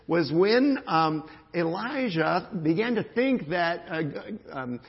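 A man preaching a sermon, telling the story with lively swings between loud calls and quiet asides. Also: sits high, takes it slowly, gravelly, slightly rough. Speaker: pastor. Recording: dull lo-fi sound in a reverberant hall.

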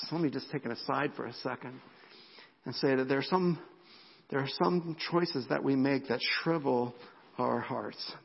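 Gravelly-voiced pastor preaching, lo-fi sound. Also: male voice, medium pitch. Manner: animated, repeats words, drops to a whisper for emphasis. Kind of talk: sermon.

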